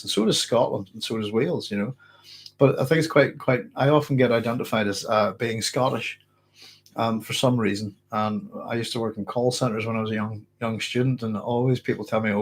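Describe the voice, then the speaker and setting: A man's voice: medium pitch, husky. A middle-aged man with a mixed Northern Irish accent and a cold, casually answering live chat questions with many restarts. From Northern Ireland. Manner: rambling, many restarts, chuckles often. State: has a cold, hoarse throat. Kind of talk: casual livestream Q&A.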